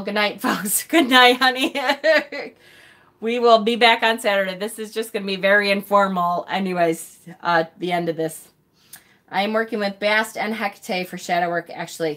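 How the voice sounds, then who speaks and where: A woman's voice: medium pitch, a bit bright. A middle-aged woman hosting a casual live stream, answering viewer comments in a chatty, rambling way and laughing often. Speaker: livestream host.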